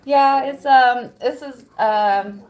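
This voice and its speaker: A woman's voice: sits high, slow. A woman hosting a livestream from home, chatting casually, reading viewer comments aloud and laughing often. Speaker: livestream host.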